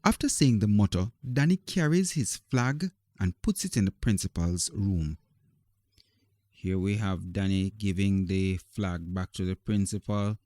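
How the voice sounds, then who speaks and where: A man reading a children's story aloud in a gentle, expressive, deliberate way. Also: deep voice, dry recording, studio quality.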